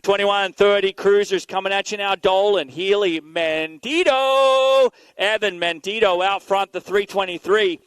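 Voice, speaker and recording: A man giving energetic live play-by-play commentary at an outdoor BMX race, calling out riders and bike numbers. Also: sits high, measured pace, clean tone, dry recording. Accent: Canadian. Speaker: race announcer.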